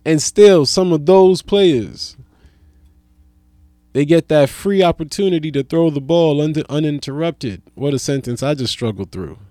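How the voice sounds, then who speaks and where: A young adult man doing a stand-up comedy monologue. He is profane, loose and rambling, and jumps between loud outbursts and low mutters. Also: measured pace, no echo.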